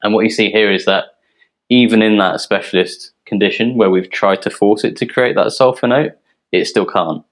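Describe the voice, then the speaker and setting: A man from a yeast company presenting technical details in a relaxed, explanatory way, with frequent ums. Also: fairly low pitch, moderate pace, low-quality recording. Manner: explanatory, filler-heavy, relaxed.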